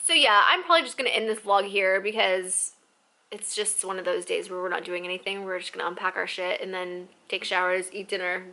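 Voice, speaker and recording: A woman's voice: mid-range voice, a little fast, bright, forceful tone. A young woman vlogging to camera in a rambling, chatty way, full of "like". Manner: rambling, chatty, says "like" constantly. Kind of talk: casual storytelling vlog.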